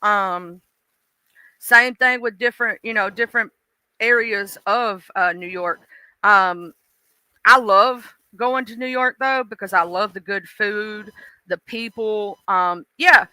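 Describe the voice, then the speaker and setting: Woman with a Mississippi drawl, folksy and profane, very bright and crisp tone, dry close sound; casual livestream host. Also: medium pitch, slow pace, dry recording, poor audio. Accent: Mississippi Southern. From Mississippi, US South. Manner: chatty, folksy and profane, laughs often. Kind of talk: casual chat.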